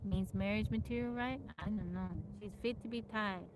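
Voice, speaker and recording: Woman, livestream host, casual chat, folksy sayings, greets viewers, mid pitch, faint background noise. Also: steady tone, moderate pace.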